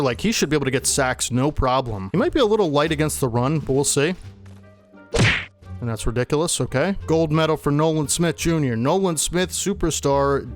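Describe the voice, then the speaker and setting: A young man giving live commentary over his football video game, excitable and trash-talking the computer players. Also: mid-range voice. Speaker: gaming YouTuber.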